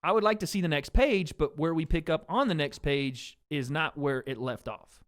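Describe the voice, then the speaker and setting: A man with a fairly high-pitched voice hosts a casual commentary podcast. He reads documents aloud and breaks into animated, laughing asides. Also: normal speed. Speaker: podcast host.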